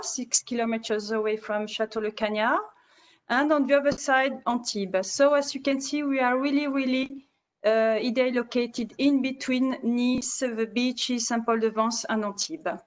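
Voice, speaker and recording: A woman with as her walks a webinar audience through a hotel over a video call. Her voice sits fairly high and she hesitates and restarts often. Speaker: hotel presenter. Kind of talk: webinar presentation.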